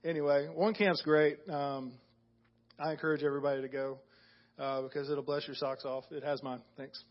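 A man tells his church an earnest testimony in a slightly high voice. He talks casually, stumbling and restarting as he goes. The sound is dull and lo-fi. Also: flat delivery, a little hiss or hum. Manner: earnest, halting with restarts and ums. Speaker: church member sharing testimony. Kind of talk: casual spoken testimony to a congregation.

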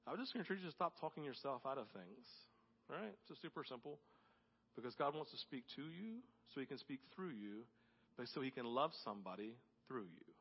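A male pastor delivers his sermon at a middle pitch, building to loud, emphatic peaks before falling back to soft, intimate tones. His voice carries through a large church with a long reverb. The recording is dull and muffled. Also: animated, a little fast, slightly rough. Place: church sanctuary.

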